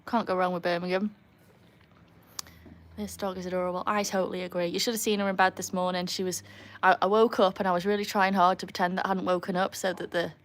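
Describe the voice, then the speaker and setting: Chatty young woman streaming by a pool. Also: fairly low pitch. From England and Wales. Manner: chatty, answers viewers, cheers loud woohoos at the dog. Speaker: livestream host with her dogs. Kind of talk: casual live-stream chat. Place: outdoors by a home pool. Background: pool pump and faint outdoor ambience.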